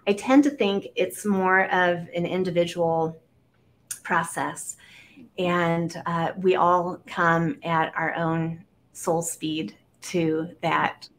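A woman from Iowa, a guest on an interview show, talking casually with many fillers and animated storytelling. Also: lowish voice, takes it slowly. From Iowa, United States.

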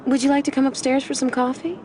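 A woman's voice: high voice, level tone, quick pace, a little hiss or hum, natural voice. An actress playing a woman inviting her date upstairs in a sitcom, speaking in a light, hesitant way. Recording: sitcom clip with loud laugh track.

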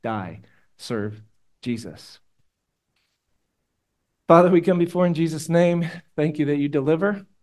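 A male pastor delivering a sermon, moving between loud exhortation and quiet, hushed prayer. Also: on the high side, animated, a little slow, pauses often. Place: church room with congregation.

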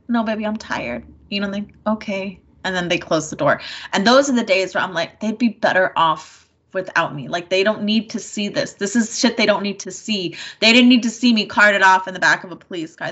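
A woman, a mother, talking candidly about her struggles, halting often and repeating words, with many "like" and "you know" fillers. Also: medium pitch, sharp tone. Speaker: mother sharing personal struggles. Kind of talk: candid personal conversation. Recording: dull lo-fi sound.

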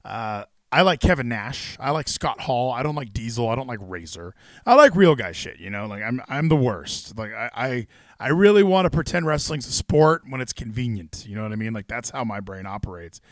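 A man hosting a casual wrestling chat podcast, animated and rambling, swearing freely and restarting his sentences. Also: medium pitch, brisk, no room sound, studio quality. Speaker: podcast host.

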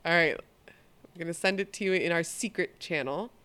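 A woman hosting a podcast in casual chat, animated and swearing casually. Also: on the low side, normal speed. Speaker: podcast host.

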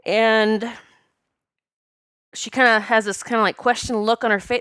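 A woman's voice: fairly high pitch, level tone, normal speed, pauses often, fairly bright tone, clean tone, dry recording, clean studio sound. A woman, a spiritual teacher and medium, telling a personal story earnestly and emotionally, often stopping and restarting her sentences.

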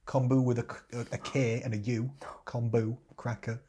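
A man's voice: mid-range voice, level tone, warm tone, slight background noise. Chatty laughing man in casual chat. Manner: chatty, laughs often, reads out a list haltingly.

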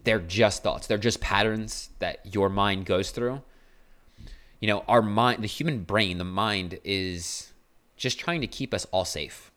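The speaker is a young man hosting a podcast, and his voice is on the low side and fairly bright, with an unhurried delivery. He offers a casual motivational monologue, bluntly and earnestly, in a tone he admits is aggressive.

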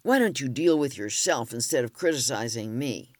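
A man reading aloud and voicing a defensive, angry man who yells accusations. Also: mid-range voice, animated, normal speed, no room sound, studio quality, lightly acted. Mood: furious. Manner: yelling accusations.

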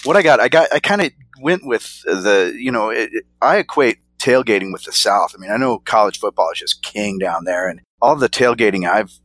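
A man's voice: fairly low pitch, animated, brisk, few pauses, fairly bright tone, no room sound. A man co-hosting a casual snack-review chat, laughing often and trailing off mid-sentence. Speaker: podcast co-host reviewing snacks.

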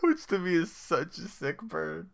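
A man's voice: high voice, wildly swooping pitch, measured pace, a crowd in the background. A man co-hosting a podcast in casual chat, musing aloud, laughing often and using lots of fillers. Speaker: podcast co-host.

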